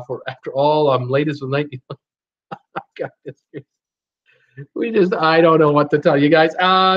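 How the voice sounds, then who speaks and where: A man hosting a live online show, rambling casually with many fillers and reading viewers' comments aloud. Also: a little high. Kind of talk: casual live-stream chat. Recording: dull lo-fi stream audio.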